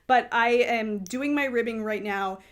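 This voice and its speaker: A woman's voice: fairly high pitch, a little slow. Chatty woman hosting a knitting podcast. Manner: chatty, rambling, self-correcting. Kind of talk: casual chat.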